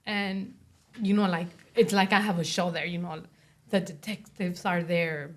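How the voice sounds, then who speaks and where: A woman being interviewed, telling a personal story in a halting way, full of fillers like "you know" and "like.". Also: on the low side, fairly even intonation. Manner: acts out other people's words while telling her story. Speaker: interview guest.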